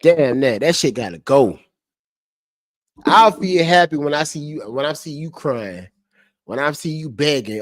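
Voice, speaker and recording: A man's voice: mid-range voice, lively intonation, a little slow, dry recording. Heated, profane male streamer, dry sound. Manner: heated, profane and repetitive, restating each point. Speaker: streamer talking to his chat. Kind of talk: unscripted live-stream commentary.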